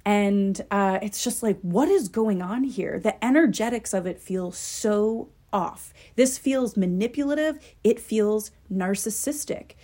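A young woman hosts her own podcast in a loose, opinionated monologue. Her voice sits at a middle pitch, and she talks the way she would with a friend, filling gaps with "like" and leaning hard on the points she feels strongly about. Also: expressive, measured pace, hardly any pauses, dark tone. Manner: chatty, heavy use of "like", emphatic. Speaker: podcast host.

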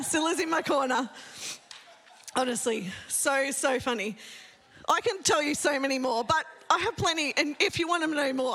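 A woman's voice: high-pitched, pushed and bright. A woman pastor giving a sermon in a church, chatty and self-mocking, telling funny stories to the congregation.

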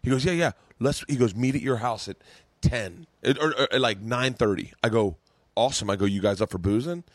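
Brief: male comedian guest, mid-pitched, laid-back storyteller, swears casually, close dry mic. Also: brisk, dry recording. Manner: relaxed, chimes in with frequent "yeah".

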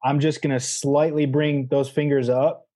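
Mellow-voiced man, measured talk. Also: a little high, little pitch movement. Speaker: guest, goose calling champion. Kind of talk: casual podcast interview.

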